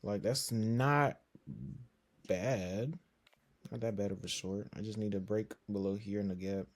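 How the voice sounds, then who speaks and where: Young guy, slightly low voice, tired, narrating his trades in slangy casual chat, mutters and then curses loudly. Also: fairly even intonation, unhurried. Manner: swings from low muttering to loud exclamations, swears often; slangy, filler-heavy talk. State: tired from little sleep. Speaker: day trader streaming his session. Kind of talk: casual live trading commentary.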